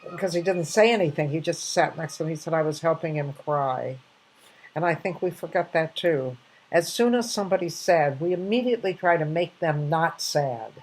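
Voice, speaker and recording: A woman's voice: lowish voice, brisk, a little mellow, breathy edge, rough recording. An older woman casually sharing reflective anecdotes, rambling with many restarts and fillers.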